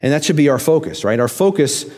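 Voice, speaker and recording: Guy preaching, kinda high voice, chatty, lots of "right?" questions, gets soft and low on the big points. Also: lively intonation, quick pace. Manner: conversational preaching with rhetorical questions; drops to quiet, low emphasis on key phrases. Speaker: pastor. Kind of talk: sermon.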